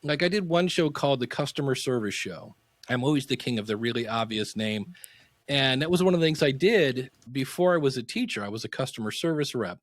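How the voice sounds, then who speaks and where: A middle-aged man, a podcasting teacher, telling anecdotes in a casual interview and acting out quotes with sudden pitch jumps. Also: animated, a little fast, no room sound.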